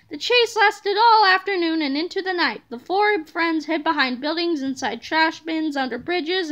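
High, bright woman reading a kids' book. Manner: expressive, animated storytelling. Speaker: reader. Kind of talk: children's book read-aloud.

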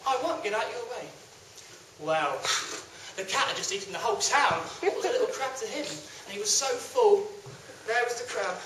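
A young man storyteller telling a folk tale to a live audience in a lively, animated way. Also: high voice, moderate pace, a little hiss or hum. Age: young adult. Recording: echoey hall from a distance.

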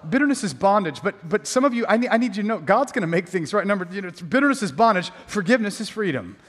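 A male pastor delivers a sermon in a fairly high voice, hammering points through repetition and breaking in with jokey asides. His voice rings out with a long reverb trailing through the church hall. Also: lively intonation, fast, fairly bright tone.

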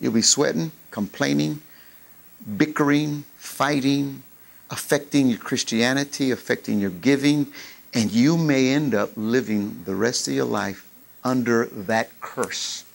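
A middle-aged man preaching a sermon, lively, acting out old conversations as he tells his story. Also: mid-range voice, a little slow, vocal fry. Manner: animated, acts out dialogue in raised voice. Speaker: pastor.

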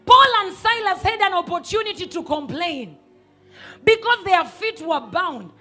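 A woman pastor, preaching a sermon emphatically and sometimes rising to a shout. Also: extremely high pitch, animated, a little slow, faint music behind. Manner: emphatic, rises to shouts and acts out quoted voices.

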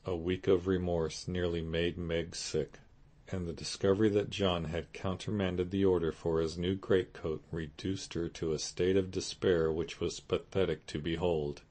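Deep-voiced male audiobook narrator. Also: level tone, moderate pace, a little mellow. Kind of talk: scripted narration.

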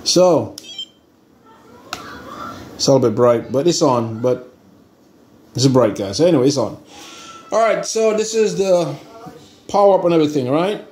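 A man's voice: fairly high pitch, lively intonation, unhurried, pauses often, a little mellow. A frustrated man rambling and restarting as he talks to his viewers about a broken hobby part. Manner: frustrated, rambling, says he is pissed off; hesitant, restarts and fillers, talks to viewers as guys. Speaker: RC hobby vlogger. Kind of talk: casual vlog chat. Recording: echoey room, faint ambience.

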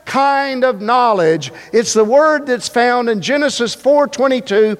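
A man's voice: extremely high pitch, unhurried. A male pastor preaching a sermon, emphatic and repetitive, with joking asides. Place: church sanctuary. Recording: long reverb of a church hall.

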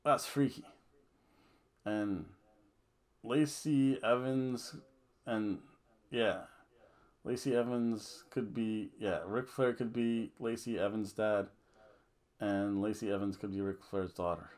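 A man's voice: on the low side, fairly even intonation, takes it slowly, darkish tone. A man giving a casual, rambling, jokey wrestling review full of fillers and restarts.

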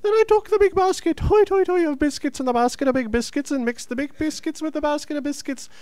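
A man putting on an exaggerated Irish accent, rattling off a long tongue twister at a high, breathless clip. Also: fast talker, a little mellow, no echo. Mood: gleeful. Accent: put-on Irish.

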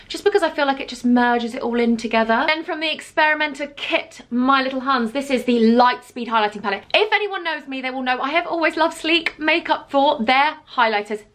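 A woman's voice: high-pitched, a bit bright. A young woman chatting casually and self-deprecatingly while doing her makeup for a beauty vlog. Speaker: beauty vlogger. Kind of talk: casual get-ready-with-me chat.

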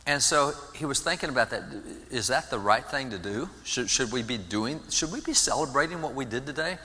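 Animated man preaching history in a church. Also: medium pitch, brisk, hardly any pauses. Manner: animated storyteller, repeats and restarts words. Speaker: guest speaker on history. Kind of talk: sermon-style history talk. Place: large church sanctuary. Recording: long church reverb.

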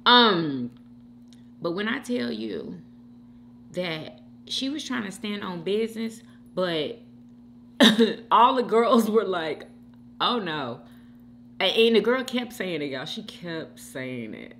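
Animated woman chatting to her viewers. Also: mid-range voice, slow, gravelly, slight background noise. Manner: animated, keeps addressing viewers as "y'all". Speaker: mukbang channel host. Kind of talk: casual chat to viewers while eating.

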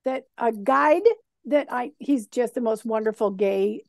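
A woman's voice: fairly high pitch, a little slow, gravelly, dry recording, studio quality. A woman as an interview guest, chatting casually and acting out little voices as she tells stories. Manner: animated storyteller who acts out voices. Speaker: guest talking about spirit guides.

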